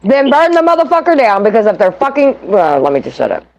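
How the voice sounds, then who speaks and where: A woman's voice: a little high, big pitch swings, fast, a little mellow, lo-fi sound. Outspoken woman guest. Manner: outspoken, emphatic. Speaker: panel guest. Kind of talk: casual chat.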